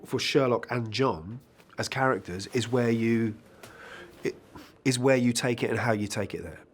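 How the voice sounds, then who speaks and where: A man's voice: lowish voice, a little hiss or hum. An actor answering interview questions about his work in a thoughtful, conversational way, with dry self-deprecating asides.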